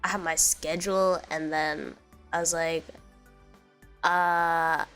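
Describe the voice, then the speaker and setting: A woman's voice: low-pitched, little pitch movement, takes it slowly, a bit bright, soft background music. A young woman with a cold streaming casual chat, stuffy and nasal, bubbly and rambling. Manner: bubbly, rambling, switches between English and Japanese. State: congested from a cold.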